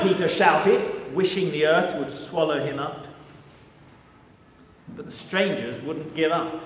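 Male pastor, slow dramatic storyteller, slightly high voice, echoey church with long reverb. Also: fairly bright tone, a little hiss or hum. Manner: slow, vivid, measured storytelling. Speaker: team rector preaching.

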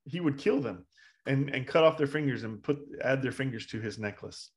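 A man's voice: medium pitch, normal speed. A male Zen teacher retelling a story in a casual dharma talk, rambling with hesitations and restarts.

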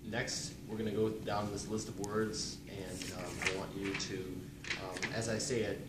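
Young man, low voice, halting casual teacher, distant and roomy with noise. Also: level tone. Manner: halting, lots of ums, quick bursts. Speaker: student presenter. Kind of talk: casual instruction. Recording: echoey room, distant mic, noise.

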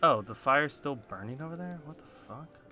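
Bright-voiced man cursing at a game. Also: on the high side, animated, normal speed, soft background music. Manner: swears a lot, frustrated outbursts. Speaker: gameplay streamer. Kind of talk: casual gameplay commentary.

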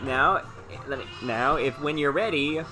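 A man's voice: mid-range voice, measured pace, over music. Jokey man streaming a game. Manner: jokey, playful teasing. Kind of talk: casual game commentary.

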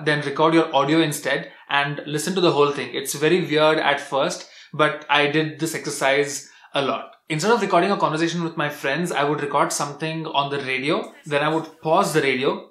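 A young man from India, giving a relaxed, chatty vlog tutorial full of restarts. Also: on the high side, reverberant. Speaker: language vlogger.

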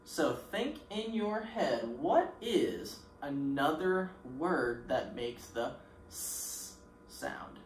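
A man teaching a recorded lesson to preschoolers in an encouraging voice. He speaks slowly and leaves pauses for the children to answer. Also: on the high side, sing-song. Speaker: pre-K teacher. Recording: roomy echo with faint background noise.

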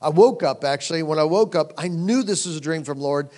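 A man preaching at a conference, slightly higher-pitched than most men, speaking in a loose, storytelling way. He moves between lively, raised passages and hushed, low asides when he quotes himself. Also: fairly quick. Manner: storytelling, conversational, animated; drops to hushed tones for quoted moments. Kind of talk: sermon. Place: conference hall.

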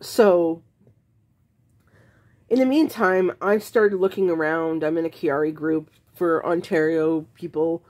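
A woman's voice: deep voice, fairly even intonation, slow pace, darkish tone. A woman vlogging to camera, frankly telling her own story in a casual, exasperated way, rambling with restarts.

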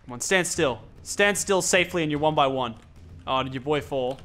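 A young man giving excited gameplay commentary, laughing and chatting to opponents. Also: fairly high pitch, normal speed, soft background music. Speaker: gaming YouTuber.

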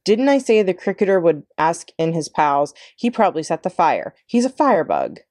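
A woman's voice: fairly low pitch, big pitch swings, moderate pace, a little mellow, no room sound, clean studio sound. A woman voicing a stern, angry mother in a storybook, scolding and indignant. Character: stern angry Italian mother who runs a newsstand.

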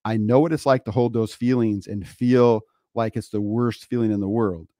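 A man's voice: fairly low pitch, steady tone, moderate pace, warm tone, no room sound, clean studio sound. A man co-hosting a podcast, talking earnestly and emphatically, laying out his points one by one. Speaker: podcast co-host. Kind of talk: casual podcast chat.

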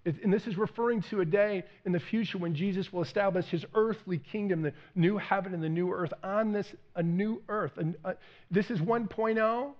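A man preaching a sermon as pastor, conversational and animated, acting out quoted lines with rising intensity. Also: high-pitched, moderate pace, lo-fi sound.

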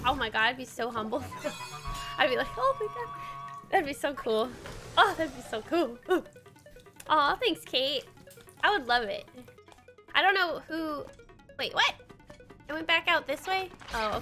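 A woman's voice: sits high, sharp tone. Bubbly, giggly young woman. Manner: bubbly, giggly, lots of "like" fillers. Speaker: streamer. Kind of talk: casual chat while livestreaming a game. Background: faint game music.

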